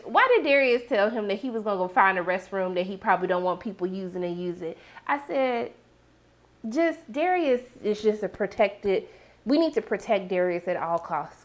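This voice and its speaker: A young woman, giving a sassy, animated recap of a TV episode and acting out her reactions. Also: mid-range voice, normal speed. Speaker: TV recap host. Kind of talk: casual recap commentary.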